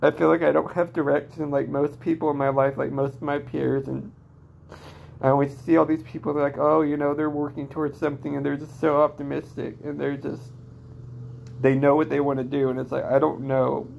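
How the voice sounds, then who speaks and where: Downcast, halting man in his twenties. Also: fairly high pitch, flat delivery, creaky, darkish tone, slight background noise. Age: 20s. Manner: halting, full of restarts and fillers, downcast. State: emotionally distressed. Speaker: vlogger. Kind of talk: personal venting monologue.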